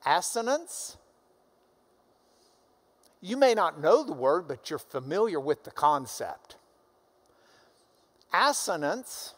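Lively, slow-spoken Bible teacher. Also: medium pitch. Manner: lively, conversational, explaining with asides. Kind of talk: classroom Bible lesson.

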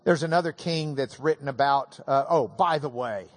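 A man's voice: medium pitch, normal speed. A man preaching a sermon, telling the story with humor and emphatic swings. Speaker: pastor.

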